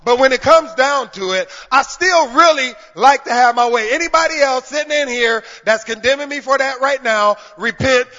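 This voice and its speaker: A man preaching a sermon in church, calling out to the congregation and swinging from hushed talk to shouting. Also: extremely high pitch, moderate pace, few pauses. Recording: reverberant hall, dull lo-fi sound.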